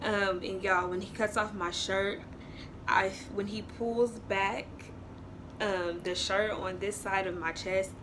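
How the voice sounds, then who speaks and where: A woman's voice: mid-range voice, slow, noisy background. A woman vlogger dramatically retelling a story to her viewers in a casual storytime vlog. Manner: animated, dramatic retelling, talks to viewers as y'all.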